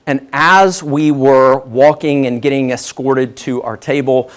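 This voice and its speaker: A man's voice: mid-range voice, measured pace. A man giving a humorous business talk as guest speaker, telling self-deprecating stories. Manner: lively self-deprecating storyteller.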